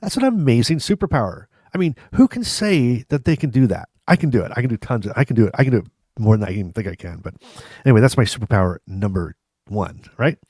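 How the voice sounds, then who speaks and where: A man's voice: medium pitch, darkish tone, no room sound, studio quality. A man in his fifties telling funny stories to camera in a rambling, self-mocking way, often chuckling between restarts. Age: 50s. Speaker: vlog host. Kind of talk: casual humorous storytelling to camera.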